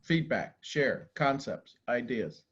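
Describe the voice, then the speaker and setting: A man giving a live talk to a group, animated and casual, acting out quoted voices and swearing now and then. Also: mid-range voice, slow pace, husky, lo-fi sound. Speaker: motivational speaker.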